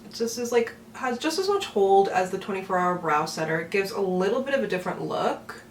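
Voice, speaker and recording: A woman's voice: medium pitch, big pitch swings, fairly quick, far from the mic. A woman chatting in a giggly, rambling way as she does her makeup at home. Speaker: beauty vlogger. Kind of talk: get-ready-with-me makeup chat. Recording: roomy echo, from off the mic, faint room hum.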